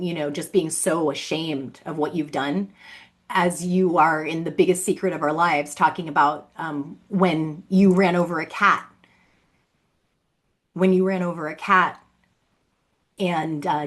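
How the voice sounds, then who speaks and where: A woman speaks straight into the camera in a solo vlog, her tone accusatory and sarcastic. She repeats her points and mocks the person she addresses. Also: lowish voice. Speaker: vlogger. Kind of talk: direct-to-camera monologue.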